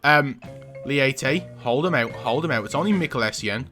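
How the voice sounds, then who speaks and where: A young man, commentating his own football video game play with excitable outbursts and banter. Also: medium pitch, normal speed, soft background music. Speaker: gaming YouTuber. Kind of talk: live gameplay commentary.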